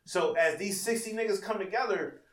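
Profane Buffalo man, slightly high voice. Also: a little fast, fairly bright tone. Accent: Buffalo, New York. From Buffalo, New York. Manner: profane, acts out the voices of others. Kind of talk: casual group chat. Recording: echoey room, mic from a distance.

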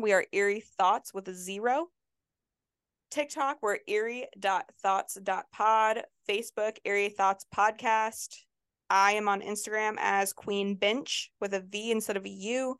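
A woman's voice: medium pitch, a bit bright, smooth, no echo, studio quality. A woman co-hosting a podcast in casual chat, playful and joking, who also reads the show plugs. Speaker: podcast co-host.

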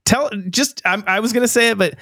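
A man's voice: extremely high pitch, a little fast, sharp tone, no echo, clean studio sound. A man in his forties hosting a podcast, chatting in an easygoing, rambling way with lots of fillers. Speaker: podcast host. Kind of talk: casual interview chat.

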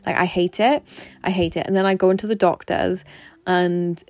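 A woman's voice: lowish voice, steady tone, normal speed, darkish tone, no echo. A young woman, talking frankly and swearing freely in a casual vlog monologue. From Britain. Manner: chatty, swears a lot, frank. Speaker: vlogger.

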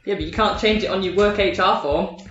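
A woman's voice: mid-range voice, a little fast, distant mic, noisy background. A woman playing a tabletop game, making wry jokes and laughing often. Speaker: player. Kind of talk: casual tabletop game chat. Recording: echoey room, dull sound, music.

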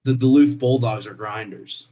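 A man's voice: medium pitch, fairly even intonation, moderate pace, warm tone. A young man from co-hosting a casual sports podcast, playful and laughing often as he trash-talks.

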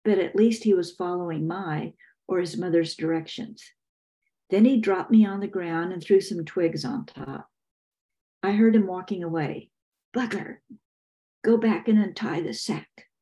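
An older woman from Texas, an author reading her own novel aloud in measured, first-person audiobook narration. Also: lowish voice, dark tone.

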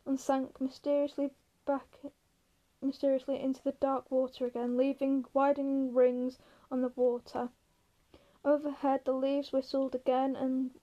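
Woman, novel read aloud, high voice, unpolished, some stumbles. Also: dark tone, dull audio. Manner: unpolished, with occasional stumbles and restarts. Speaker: reader.

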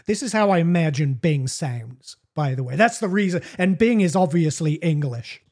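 A woman's voice: low voice, expressive, moderate pace, darkish tone, husky. Profane, mocking woman podcast host. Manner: profane, mocking, laughs while reading. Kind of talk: comedic commentary reading chat logs.

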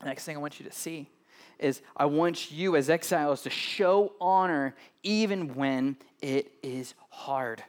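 Chatty pastor with a fairly high voice. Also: male voice, a little slow, smooth. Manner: conversational, tags "right?" often and banters with the congregation. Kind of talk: sermon.

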